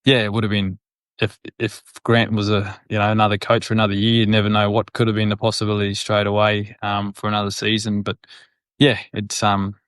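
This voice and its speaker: Rambling Australian man, smooth low voice. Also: monotone, brisk, a bit bright, no echo, studio quality. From Northern Territory, Australia. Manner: rambling, leans on fillers like "you know" and "whatnot"; chuckles while telling stories. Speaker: former footballer, podcast guest. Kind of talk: casual reflective chat.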